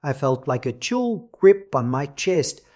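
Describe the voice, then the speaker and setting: A man reading a classic novel as an audiobook narrator in a measured, dramatic way. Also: on the high side, very animated, mellow.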